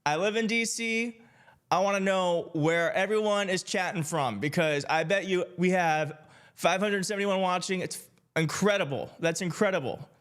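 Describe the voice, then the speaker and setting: A man from Michigan hosting a political live stream, chatting casually and excitedly with his viewers. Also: sits high, normal speed, clean tone. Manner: upbeat, hyped, addresses chat directly, laughs often. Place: home setup in D.C.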